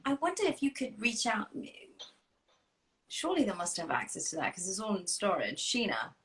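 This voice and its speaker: A woman's voice: mid-range voice, wildly swooping pitch, moderate pace. A woman hosting a casual chat, asking questions and laughing often. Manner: warm laughing interviewer. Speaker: host.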